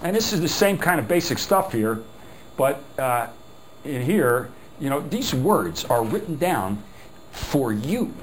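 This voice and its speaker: A man's voice: medium pitch, sing-song, a little slow, a little hiss or hum, rough recording. A man teaching a sales workshop, talking in a loose, rambling way full of "you know" and breaking into emphatic, exasperated remarks. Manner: folksy, rambling with many "you know" fillers. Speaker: sales trainer. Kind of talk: workshop lecture.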